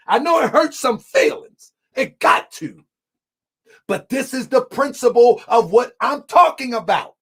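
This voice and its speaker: Very high-voiced man debating emphatically. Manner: emphatic, often shouting, repeats lines for effect; addresses the audience as family. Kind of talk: heated live debate.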